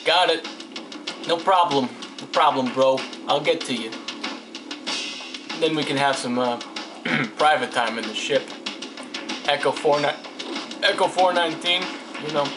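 A man's voice: fairly high pitch, a little slow, long pauses, music in the background, poor audio. Goofy, joking young man gaming. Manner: goofy, joking, sarcastic, talks to the game characters. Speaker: let's play gamer. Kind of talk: casual gameplay commentary. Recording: home mic with noticeable hiss.

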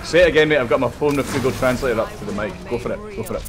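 A man's voice: medium pitch, rapid-fire, music in the background. A man recording a casual gaming session, teasing and goading a player in voice chat with mock politeness. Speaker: gaming video maker. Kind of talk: casual gaming banter with friends.

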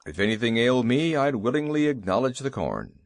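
A man doing a proud, cheerful old cake gentleman. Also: medium pitch, big pitch swings, a little fast, no room sound. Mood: boastful. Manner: boastful.

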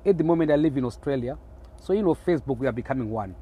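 A man's voice: medium pitch, expressive, very fast, warm tone, slightly rough. A middle-aged man from Zimbabwe with a Zimbabwean accent, hosting a live stream in teasing, rambling chat, greeting viewers by name and talking into his phone.

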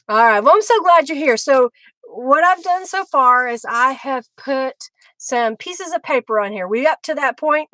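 A chatty middle-aged woman hosts a live craft demo, laughing often between remarks. Her voice sits high and bright. The sound is close and dry. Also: lively intonation, measured pace, dry recording, low-quality recording. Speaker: craft livestream host.

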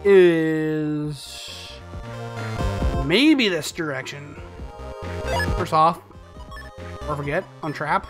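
High-voiced sarcastic gamer man. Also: very slow, pauses often, over music. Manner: sarcastic, grumbling, mild swearing. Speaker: let's play host. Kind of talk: casual gameplay commentary.

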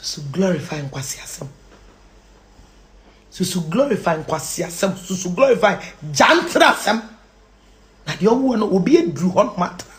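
Ghanaian woman, moralizing lecturer; very lively, sing-song pitch, shouts and hushed asides. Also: a little hiss or hum. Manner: preachy, swings from shouting to hushed near-whispers; mixes Twi and English. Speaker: social commentator.

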